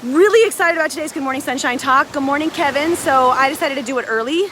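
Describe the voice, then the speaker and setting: A woman hosting a casual motivational live stream outdoors on a beach, filmed on a phone, chatty and excitable, a little out of breath. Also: high-pitched, quick pace. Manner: chatty, excitable, greets viewers by name. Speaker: live video host. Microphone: phone held by a friend. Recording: faint surf noise outdoors.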